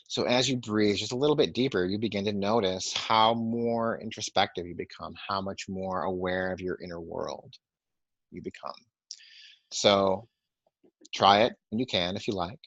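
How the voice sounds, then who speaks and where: A man teaching a breathing and toning meditation, guiding listeners calmly and counting breaths slowly in a soft voice. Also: fairly low pitch, dry recording. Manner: calm, soft-spoken guidance, counting slowly. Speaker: meditation and sound healing teacher. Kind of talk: guided breathing and toning instruction. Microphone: webinar microphone. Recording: dry, muffled webinar audio.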